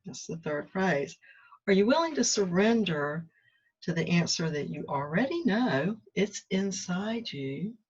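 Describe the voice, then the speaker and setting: Low, breathy woman, musing. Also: expressive, lo-fi sound. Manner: musing, conversational, with drawn-out pauses. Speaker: meditation vlogger. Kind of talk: reflective spoken vlog. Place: outdoors on a walk.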